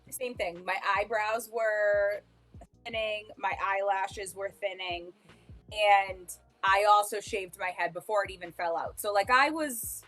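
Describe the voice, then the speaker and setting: Woman co-host, candid and rambling, restarts often, middle pitch. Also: a bit bright. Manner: rambling storyteller with restarts and fillers, laughs at herself. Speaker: podcast co-host. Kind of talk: candid casual chat.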